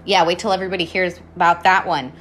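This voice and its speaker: A woman's voice: fairly low pitch, steady tone, fast talker, fairly bright tone, a little hiss or hum. A woman hosting a podcast, recapping a TV show in a rambling, casual way, swearing a lot and laughing often. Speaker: podcast host.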